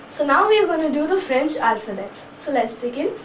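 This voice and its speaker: A young woman hosting a beginner French lesson, speaking clearly and repeating each word for her learners. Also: high voice, expressive, moderate pace, slight background noise. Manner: spells out and repeats words. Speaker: French language teacher. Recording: echoey room, voice a bit far from mic.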